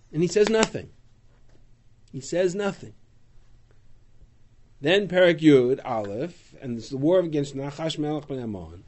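A man teaching a Bible class, retelling the story with animated storytelling and acting out the quotes. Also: a little high, unhurried, pauses often. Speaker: Torah teacher.

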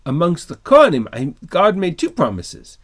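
A man teaches an online text-study class, and his fairly high voice swings widely in pitch. He reads a passage aloud, then explains it with emphatic rhetorical questions that he answers himself. The sound comes through a video call. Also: wildly swooping pitch, normal speed.

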